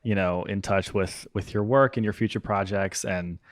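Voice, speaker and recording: A man hosting a podcast, thanking his guest in an earnest, halting way full of fillers. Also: low voice, steady tone, dry recording, clean studio sound. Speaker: podcast host. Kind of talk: casual interview chat.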